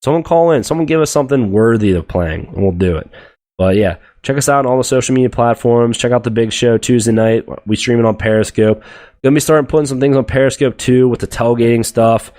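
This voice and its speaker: A man's voice: medium pitch, quick pace, darkish tone. A young man hosting a solo sports podcast, ranting bluntly and profanely about teams, players and the media. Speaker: podcast host.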